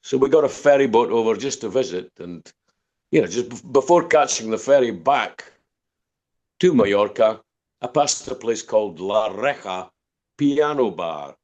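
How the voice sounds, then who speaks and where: A man's voice: lowish voice, animated, moderate pace, darkish tone. Older Scottish man telling stories. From Scotland, Dundee. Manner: rambling storyteller, repeats words and restarts. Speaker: guest musician. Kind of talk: podcast interview.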